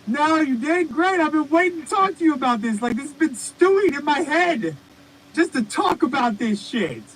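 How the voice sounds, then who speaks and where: A man's voice: very high voice, moderate pace, slight background noise, low-quality recording. A man co-hosting a podcast, telling rambling, profane stories in casual comedic chat. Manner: rambling, profane, animated storytelling. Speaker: podcast co-host.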